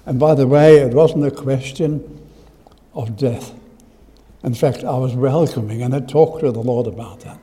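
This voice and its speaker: An Australian man preaching in a church, his voice mellow and unhurried. He leans hard on key words and then falls to a near whisper. A long hall reverb trails each phrase. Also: mid-range voice. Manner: emphatic, swings from loud stress to hushed asides. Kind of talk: sermon with personal testimony.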